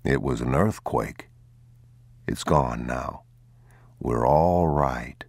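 A man voicing a weary, tender father in a storybook reading, speaking hushed and soothing. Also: very deep voice, extremely slow, vocal fry, no room sound, pitched below the performer's own voice, full character voice.

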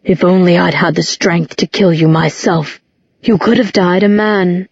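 A woman's voice: on the low side, steady tone, a little slow, vocal fry, breathy edge, no echo, full character voice. A woman voicing a villainous father in an audiobook, languid but threatening. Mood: menacing. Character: cold, menacing adult man, a villainous father. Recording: dull, muffled recording.

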